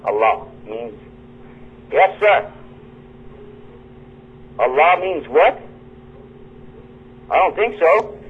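A man's voice: fairly high pitch, big pitch swings, extremely slow, pauses often, breathy edge. A man hosting a live radio lecture at a university, joking with and quizzing his audience as he teaches. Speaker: radio show host and lecturer. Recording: dull lo-fi radio broadcast with faint noise.

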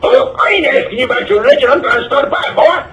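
A man's voice: very high-pitched, animated, fast talker, fairly bright tone, far from the mic, muffled recording, slight background noise, pitched above the performer's own voice. A man voicing a rude, hostile man who mocks and taunts while trying to start a fight. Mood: taunting. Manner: mocking, taunting.

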